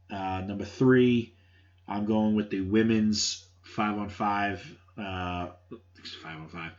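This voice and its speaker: A man hosting a solo podcast, giving blunt, offhand opinions with casual swearing. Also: on the low side. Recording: dull lo-fi sound.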